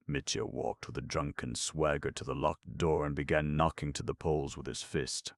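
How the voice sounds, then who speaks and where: A man narrating an audiobook in a measured, steady reading. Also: very deep voice, dry recording, clean studio sound. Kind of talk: scripted narration.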